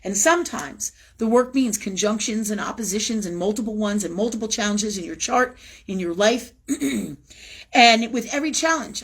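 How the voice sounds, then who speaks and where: A woman hosting a spiritual live talk show, talking bluntly and with lots of swearing, swinging from low, intense stretches to loud outbursts. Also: normal speed, husky. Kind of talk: casual spiritual monologue. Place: at home, livestream.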